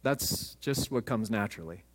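A man's voice: fairly low pitch, animated, normal speed, in a large hall. A man, a pastor, preaching a sermon with emphatic storytelling in a church.

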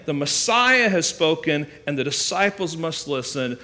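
A man's voice: a little high, expressive, measured pace, hardly any pauses, sharp tone. A man preaching a sermon, explaining scripture with emphatic rhetorical questions and restarts. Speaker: pastor.

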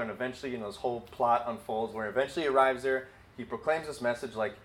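A man teaching a sermon in a relaxed, conversational way, full of fillers like "like" and "you know". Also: medium pitch, fairly quick, low-quality recording. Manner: conversational, with many fillers and acted quotes. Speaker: Bible teacher.

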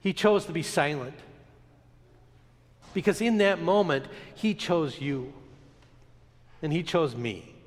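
A man preaching a sermon, telling a story with dramatic, emphatic pauses and a lot of expression. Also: a little high, long reverb tail. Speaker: pastor.

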